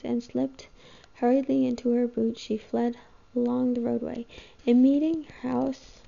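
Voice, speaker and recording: A woman reading a novel aloud with a gravelly voice, steady and even. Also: a little high. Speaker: reader. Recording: dull lo-fi home recording.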